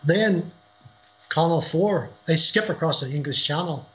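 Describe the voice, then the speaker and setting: A middle-aged man from Northern Ireland speaks as an author guest over a livestream call. His voice is bright and somewhat high for a man, and he rambles through anecdotes with repeated words and restarts. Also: measured pace, poor audio. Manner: rambling, repeats words, laughs at own stories. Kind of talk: casual interview chat. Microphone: livestream video call.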